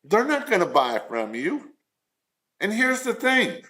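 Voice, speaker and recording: A man's voice: sits high, huge pitch swings, slow pace, pushed and bright. A man coaching small business owners in a live stream, earnest and repetitive, firing off rhetorical questions.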